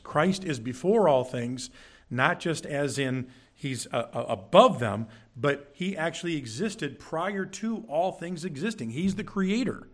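A man preaching in a church, teaching from scripture with emphatic, animated delivery and frequent check-ins with the congregation. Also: on the high side. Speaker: pastor. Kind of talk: sermon. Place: church sanctuary.

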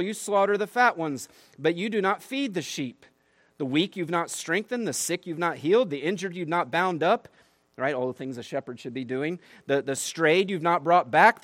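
A man's voice: a little high, fairly bright tone, dry recording. A man preaching a sermon. He reads scripture aloud with rising emphasis and breaks off into conversational asides that end in "right?". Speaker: pastor.

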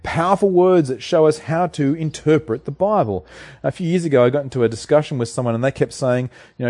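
A man's voice: fairly high pitch, quick pace, warm tone. A man preaching a sermon, explaining a passage in an earnest, teaching way with occasional fillers and restarts.

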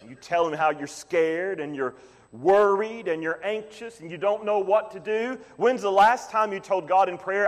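A man preaching a sermon as pastor, emphatic, swinging from loud pleading to quiet low asides. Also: expressive, a little slow, long reverb tail.

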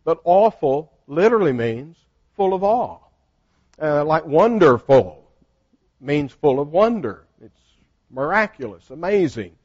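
Older man, Bible study teacher, folksy and animated storyteller; slightly high voice, dull and dry recording. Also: unhurried, no echo.

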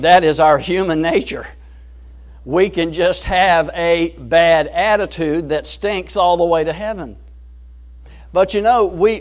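A man preaching a sermon in an earnest, emphatic way, rising and falling in volume. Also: fairly high pitch.

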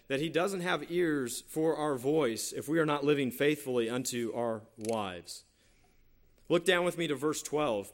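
A man preaching a sermon in a slightly higher voice than most men. He talks earnestly and conversationally, repeating phrases as he works through scripture and a personal story. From San Jose Bay Area, California. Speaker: pastor.

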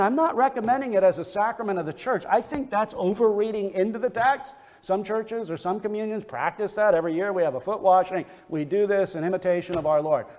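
A male pastor delivers a sermon with a high voice, repeating his key phrases for emphasis. His words ring out with a long echo in a church sanctuary. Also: a little mellow. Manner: emphatic preaching with repetition. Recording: long reverb of a church hall.

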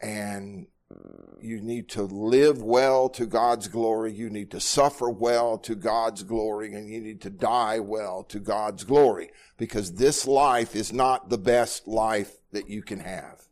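Earnest pastor preaching at a Bible study. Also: male voice, on the low side, fairly even intonation, slow pace, darkish tone. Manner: earnest, repeats words when moved.

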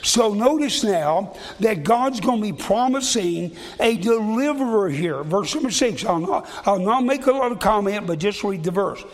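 Reading scripture aloud, a man with a notably high voice preaches a folksy sermon that circles back and repeats words. He speaks at a moderate pace with lively intonation and few pauses. A long reverb makes his voice ring as though in a large hall.

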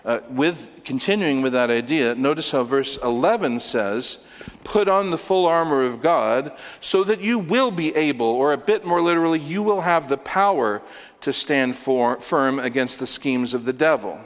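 A man's voice: mid-range voice, lively intonation, moderate pace, long reverb tail. A male pastor delivering a sermon, driving his points home with rhetorical questions and plenty of emphasis.

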